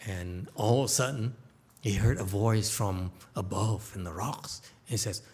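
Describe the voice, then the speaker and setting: Male Buddhist teacher, casual storyteller, low and slow. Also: darkish tone, slightly rough. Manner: informal, laughing, checks in with "okay?". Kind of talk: dharma lecture, storytelling. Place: temple lecture hall.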